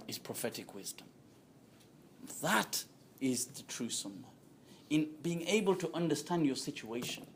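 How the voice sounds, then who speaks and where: A man lecturing as an Islamic scholar to a live audience, conversational and animated, acting out quoted voices and laughing often. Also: medium pitch, slight background noise. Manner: frequent quick laughs. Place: indoor talk before a small audience.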